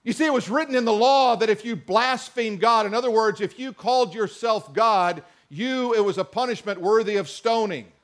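High-voiced male pastor preaching. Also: normal speed, few pauses, a bit bright. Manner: conversational preaching with asides and scripture reading. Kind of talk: sermon.

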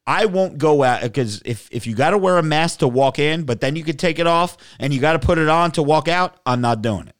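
A man hosts a loose, profane podcast chat, answering viewer questions bluntly. His pitch moves a lot as he rants. The sound is dry and close, with no room around it. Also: no echo. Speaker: podcast host reading chat. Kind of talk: casual banter.

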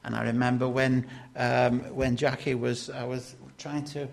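An older man preaching a sermon, emphatic, swinging between loud declarations and hushed lines. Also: medium pitch, level tone, a little slow, creaky.

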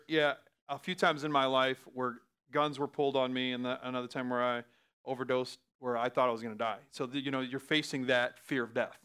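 A man preaching a sermon as pastor, talking in a casual, laughing way and swinging from hushed lines to loud outbursts. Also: medium pitch, clean tone.

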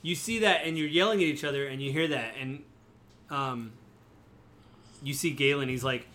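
A man's voice: medium pitch, normal speed, pushed and bright. A man narrating as game master of a tabletop game, rambling with many fillers.

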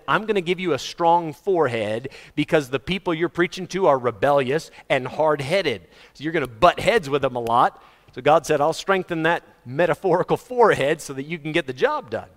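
A middle-aged man preaching a sermon, swinging between booming shouts and soft asides and chuckling often. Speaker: pastor. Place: church hall. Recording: reverberant church hall.

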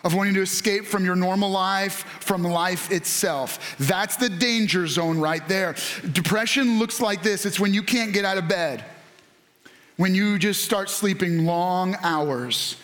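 A male pastor with a high voice preaches with animated energy. He acts out the voices of the people he quotes and rises now and then to a shout. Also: a little slow. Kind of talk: sermon.

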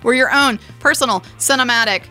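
A woman co-hosting a podcast, chatting casually, laughing often and acting out quotes in a high squeal. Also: brisk, sharp tone, soft background music. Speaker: podcast co-host. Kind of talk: casual chat.

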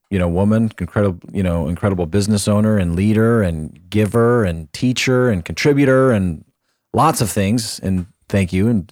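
A man's voice: fairly low pitch, a little mellow, no echo. A man hosting a casual morning radio show from the studio, upbeat and jokey, talking in short punchy bits.

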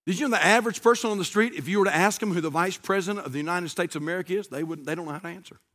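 Folksy pastor, high bright voice. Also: male voice, very fast. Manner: folksy, animated, says "man" often. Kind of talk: storytelling sermon.

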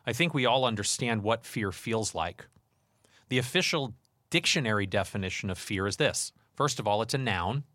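A man co-hosting a podcast who chats easily and drops in quick quips. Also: on the low side, lively intonation, pushed and bright, dry recording, studio quality. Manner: chatty, quick to add quips. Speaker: podcast co-host. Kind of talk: casual chat.

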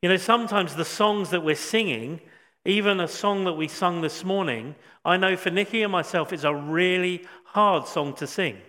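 Bright-voiced man preaching in a hall. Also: high voice, normal speed. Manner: reflective, with frequent ums and restatements. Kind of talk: sermon. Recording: long hall reverb.

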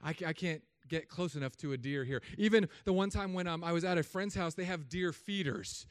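A man in his thirties from Southern California, a pastor giving a humorous sermon with animated storytelling and put-on voices. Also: fairly high pitch, fairly quick, clear, resonant tone, no room sound, clean studio sound.

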